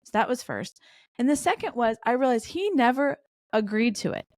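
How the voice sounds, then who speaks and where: A woman's voice: on the high side, animated, normal speed, darkish tone, no echo, studio quality. A middle-aged woman as a podcast guest, telling candid stories full of quoted dialogue in a conversational way. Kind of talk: conversational interview storytelling.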